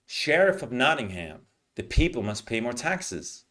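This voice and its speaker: A man teaching English pronunciation, explaining patiently and modeling words slowly with clear stress. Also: mid-range voice, sing-song, sharp tone. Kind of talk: teaching lesson, explaining reading aloud.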